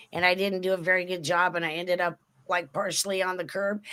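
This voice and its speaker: Expressive woman, laughing storyteller. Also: medium pitch. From Southern California. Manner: expressive, laughing, acts out voices. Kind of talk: casual storytelling chat.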